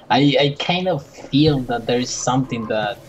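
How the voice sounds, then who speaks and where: A man with a Spanish accent, a website admin talking in a casual voice chat, halting with many restarts and fillers. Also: medium pitch, animated, highs cut off, a little hiss or hum.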